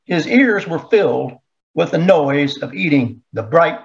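A man's voice: fairly high pitch, creaky. Man reading a story, dull lo-fi sound. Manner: steady, measured storytelling with rhythmic repetition. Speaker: narrator. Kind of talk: scripted narration of a story. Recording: dull lo-fi recording.

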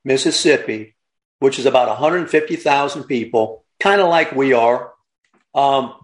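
A man's voice: a little high, a bit bright. A man giving impassioned commentary, emphatic and digressive, repeating points and lecturing along the way. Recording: roomy echo.

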